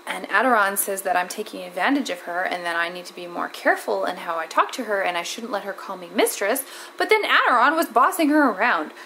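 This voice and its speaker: A woman's voice: medium pitch, expressive, a little fast, hardly any pauses, pushed and bright, slight background noise, rough recording. A woman recapping a tabletop game in character, hesitant and rambling with many fillers.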